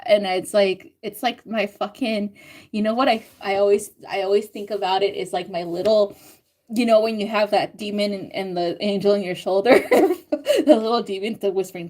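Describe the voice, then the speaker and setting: A young woman reading out live chat comments on a stream, chatting casually with frequent swearing, laughter and animated self-quotes. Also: on the low side, normal speed. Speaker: astrology and tarot reader reading live chat.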